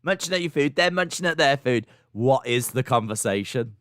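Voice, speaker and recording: A British man co-hosting a casual live podcast, joking at his partner's expense. His pitch swings widely as he tells a story. The sound is close and dry. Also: normal speed, clear, resonant tone, no room sound. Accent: British English. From United Kingdom. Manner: teasing, animated storyteller. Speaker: podcast co-host. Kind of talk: casual chat.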